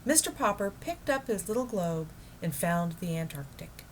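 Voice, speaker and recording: A woman reading a children's novel aloud in a calm, measured narrating voice. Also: lowish voice, slight background noise. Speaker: storybook reader.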